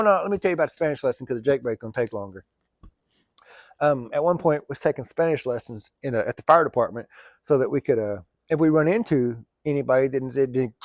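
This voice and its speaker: A man's voice: mid-range voice, darkish tone, no room sound. A man who drives trucks, telling stories in a rambling, chatty way, swearing casually and laughing easily. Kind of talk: casual storytelling.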